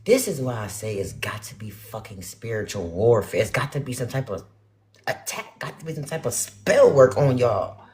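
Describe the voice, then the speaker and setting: Profane ranting woman, lively pitch. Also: moderate pace. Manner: blunt, profane, exasperated, swings loud and soft. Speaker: spiritual vlogger. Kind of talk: ranting casual monologue to viewers.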